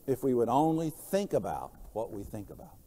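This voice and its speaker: A man preaching a sermon, telling stories and swinging between quiet, low passages and loud, emphatic lines. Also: very animated, normal speed, big-room sound. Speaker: pastor.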